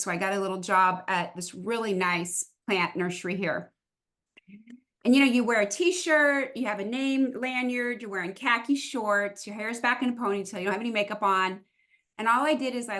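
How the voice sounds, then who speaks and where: A woman who retired from police work, hosting an interview and telling stories in a loud, lively voice. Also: medium pitch. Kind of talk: casual interview talk.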